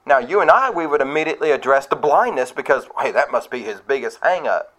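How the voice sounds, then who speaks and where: Male pastor, slightly high voice, conversational sermon, acts out quotes with sharp pitch jumps. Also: lively intonation, quick pace, hardly any pauses. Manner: conversational preaching with asides to the congregation.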